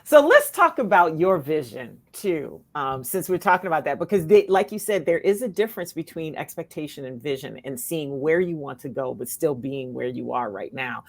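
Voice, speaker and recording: A woman's voice: low voice, lively intonation, moderate pace, hardly any pauses. A woman hosting a casual interview, asking conversational questions and affirming her guest. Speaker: host.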